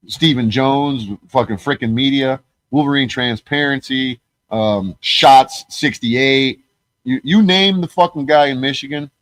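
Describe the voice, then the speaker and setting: A man's voice: medium pitch, no room sound. Heated, cursing male podcast host. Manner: profane, heated, rambling storytelling. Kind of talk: casual conversation.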